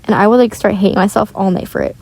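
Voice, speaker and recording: A woman's voice: mid-range voice, big pitch swings, quick pace, vocal fry, a little mellow, low-quality recording. A teenage girl chatting casually while gaming, rambling with lots of filler words, recorded on earbuds in a shared bedroom. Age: teens. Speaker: gaming vlogger. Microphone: wireless earbuds.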